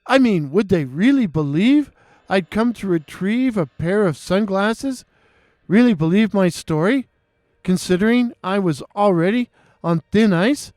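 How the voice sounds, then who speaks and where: Slow, dramatic male horror narrator. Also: sits high, expressive, a little mellow, dry recording, studio quality. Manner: dramatic, halting, with nervous restarts. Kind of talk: first-person horror story narration.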